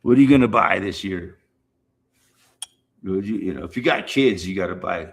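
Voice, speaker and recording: A man's voice: low voice, moderate pace, gravelly. Rambling, profane man on a livestream. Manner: rambling, profane, repeats himself. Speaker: livestream host. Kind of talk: casual rambling chat to viewers.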